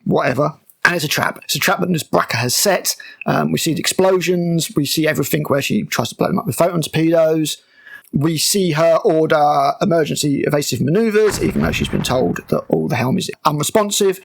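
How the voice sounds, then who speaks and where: A man's voice: on the high side, expressive, a little fast, creaky. A man giving a sarcastic, exasperated breakdown of a TV episode, mocking it as he goes. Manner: exasperated, mocking, with frequent fillers and restarts. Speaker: TV show reviewer.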